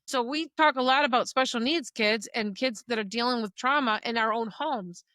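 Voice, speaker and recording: A woman's voice: fairly high pitch, normal speed, pushed and bright, no room sound. A middle-aged woman co-hosting a faith podcast, speaking earnestly and emotionally about parenting. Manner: earnest, emotional at times, uses quoted dialogue. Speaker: podcast co-host. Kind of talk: personal faith talk.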